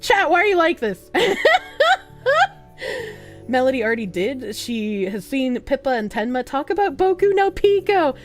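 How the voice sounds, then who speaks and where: A young woman chats on a stream and reads out viewer messages. She is swearing and animated, with a high voice that swoops all over. Faint music plays behind her. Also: a little slow, long pauses. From United States. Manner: animated, giggly, profane, with squealing high laughs. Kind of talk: casual chat reading out viewer messages.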